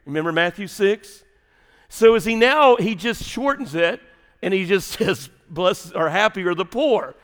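A man preaching a sermon as pastor, animated and conversational, swinging between loud emphasis and hushed asides. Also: high voice, unhurried, in a large hall.

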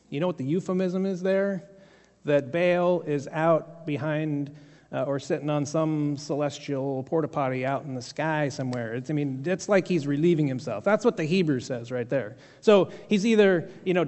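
Man pastor, chatty joking sermon, higher voice, long hall reverb. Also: a little mellow. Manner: conversational storytelling with humorous asides.

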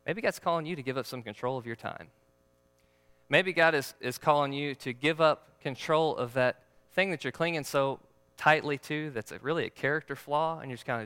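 A man's voice: mid-range voice, moderate pace, bright, forceful tone, clear, resonant tone, long reverb tail. A man preaching a sermon as pastor, in a conversational, joking way that asks the audience questions.

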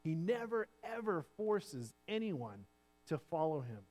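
A man preaching a sermon as a pastor, earnest, dropping to near-whispers and then swelling louder for emphasis. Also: on the high side, sing-song, unhurried, faint music behind.

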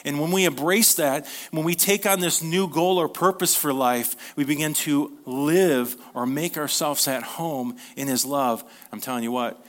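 Male preacher, mid-pitched, conversational sermon delivery, slow on scripture, rising energy on the big points. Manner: earnest, conversational, asks the listeners questions; reads scripture slowly, then rises in pitch and energy.

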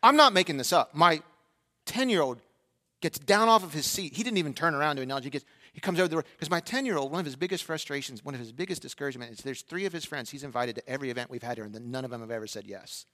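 High-voiced animated male pastor. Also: rapid-fire. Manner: animated, acts out quoted voices, humorous asides. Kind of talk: sermon with storytelling.

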